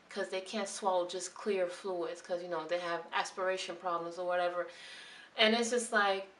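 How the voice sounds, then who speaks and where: Her voice mid-range and slightly bright, a young newly registered nurse talks to camera in a casual, open, emotional way, restarting again and again. The mic sits far from her, and the room echoes.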